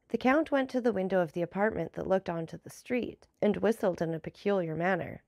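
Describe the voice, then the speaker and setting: A woman narrating a classic novel as an audiobook in an even storytelling delivery. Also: medium pitch, brisk, vocal fry, few pauses, no room sound, clean studio sound.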